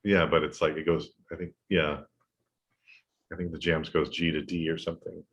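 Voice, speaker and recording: Deep-voiced man, dull lo-fi audio. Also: level tone, normal speed. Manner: easygoing, trails off with fillers. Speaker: podcast co-host, musician. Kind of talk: casual chat about music.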